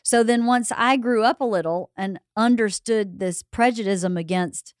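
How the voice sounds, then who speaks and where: A middle-aged woman from the Deep South, hosting a casual interview and reacting candidly, with casual swearing. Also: moderate pace, no room sound, clean studio sound. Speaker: podcast host.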